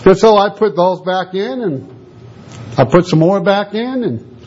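A man's voice: high voice, lively intonation, a little slow, darkish tone, slight background noise. A man preaching a sermon, telling a story and acting out the voices of the people in it. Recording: dull lo-fi sound.

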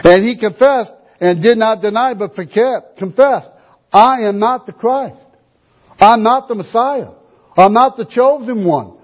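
A man preaching a sermon, emphatic, reading scripture and repeating rhetorical questions. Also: sits high. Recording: dull lo-fi recording.

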